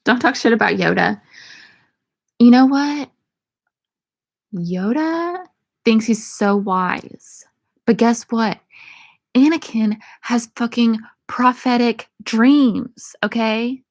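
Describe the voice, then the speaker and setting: A woman's voice: on the high side, steady tone, takes it slowly, creaky. A young woman in casual Q&A chat, answering viewer questions with irreverent, profane, laughing banter. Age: young adult.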